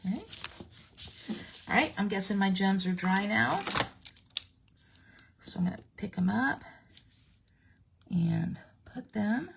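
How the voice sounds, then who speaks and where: A woman with a slightly gravelly, mid-range voice leads a relaxed card-making tutorial. She chats playfully and speaks straight to her viewers while she works. A faint hiss sits under the recording. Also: mid-range voice, slow, long pauses. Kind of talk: casual crafting tutorial.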